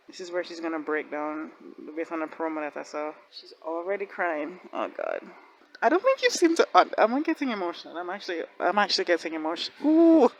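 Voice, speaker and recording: A woman hosting a reaction video, giving casual commentary in an excitable way, laughing often and talking back at the screen. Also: low-pitched, a little hiss or hum, poor audio.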